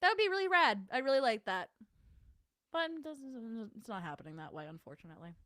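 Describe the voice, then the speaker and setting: A woman's voice: on the high side, big pitch swings, brisk, a bit bright, no echo, clean studio sound. A young adult woman hosting a casual livestream, chatting and answering her chat in a self-deprecating way. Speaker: livestream host.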